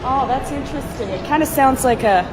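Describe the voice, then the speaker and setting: A woman's voice: high voice, a little fast, crowd noise, background noise. A woman acting out playful, ditzy comedy skits. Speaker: skit creator. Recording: loud music behind.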